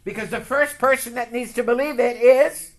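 A man preaching a sermon and telling a personal story, emotional and building to loud outbursts. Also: extremely high pitch, steady tone, normal speed. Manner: emotional, building to shouts, leads call-and-response. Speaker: pastor. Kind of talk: sermon with testimony.

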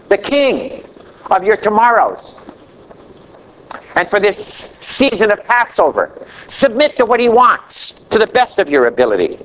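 A man preaching a sermon as pastor, slow and dramatic, letting his voice sink low at the ends of phrases. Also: fairly bright tone, slight background noise, low-quality recording.

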